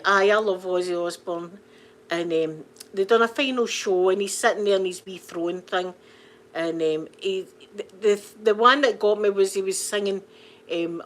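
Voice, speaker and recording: Chatty Scottish woman streaming live. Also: medium pitch. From Scotland. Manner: chatty, rambling, laughs often. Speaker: livestream host. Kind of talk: casual live chat with viewers.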